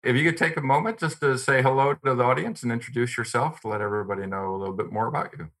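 A man's voice: medium pitch, racing, a bit bright. A man hosting a podcast interview over a video call, upbeat and friendly, with some fillers. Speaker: podcast host.

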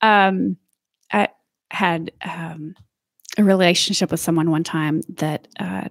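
A woman's voice: fairly low pitch, fairly even intonation, slow pace, dry recording, studio quality. A woman from South Arkansas, telling stories as a realtor guest in a casual, chatty way. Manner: warm, chatty, many "you know" fillers. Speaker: real estate agent guest. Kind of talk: casual interview storytelling.

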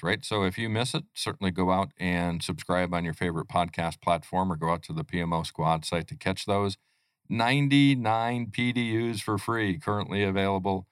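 Low-voiced male podcast host. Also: clean tone, no room sound, studio quality. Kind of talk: live podcast interview hosting.

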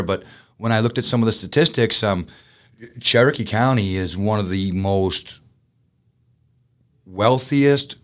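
Chatty man. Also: lowish voice. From Boston. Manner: chatty and self-mocking, many restarts. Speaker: business owner. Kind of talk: casual interview storytelling.

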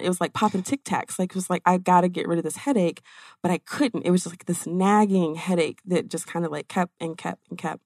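A middle-aged woman telling her own story in casual conversation, animated and acting out quoted exchanges with lots of "like". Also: lowish voice, no room sound, clean studio sound.

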